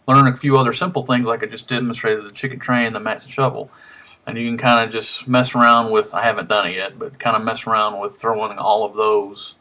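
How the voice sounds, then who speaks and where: Recorded on a webcam mic at home, a harmonica hobbyist vlogger chats in a rambling way, full of ums and restarts. His fairly low voice barely moves in pitch, runs a little fast, and sounds pushed and bright, and he's slightly out of breath.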